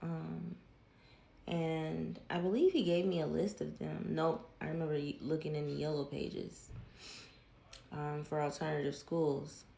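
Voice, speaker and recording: A woman's voice: deep voice, fairly even intonation, unhurried, vocal fry, warm tone, roomy sound, slight background noise. A woman, candidly telling her own story in casual talk and swearing freely. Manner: candid, swears freely, acts out quoted family voices.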